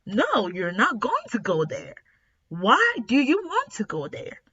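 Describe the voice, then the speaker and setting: Firm doting royal dad, voiced by a woman retelling, bright, dull lo-fi sound. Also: fairly high pitch, huge pitch swings, measured pace, husky, heavily acted. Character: protective royal father, middle-aged man.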